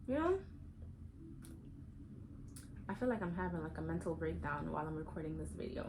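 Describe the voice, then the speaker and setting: A young woman chats candidly into her camera while getting ready. Her voice sits a little low but leaps up in animated, slangy bursts. A faint noise hums under the recording. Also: racing. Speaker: vlogger.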